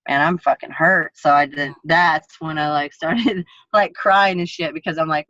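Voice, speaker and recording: A woman MMA fighter tells her story in a blunt, profane and vivid way. Her voice is bright and forceful. The sound is dry and close, with a dull lo-fi quality. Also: low-pitched, fairly even intonation, normal speed, no room sound. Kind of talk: casual interview storytelling.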